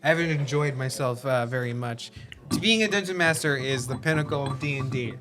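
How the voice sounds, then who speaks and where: A man's voice: medium pitch, brisk, over loud music. A young man from Minnesota, talking casually and hesitantly with many fillers as he tells a story. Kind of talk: casual chat.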